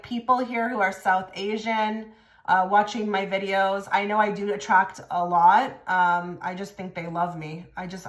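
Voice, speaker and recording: A woman giving a casual tarot reading to camera, direct and blunt, with many filler likes. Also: medium pitch. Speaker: tarot reader. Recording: echoey room.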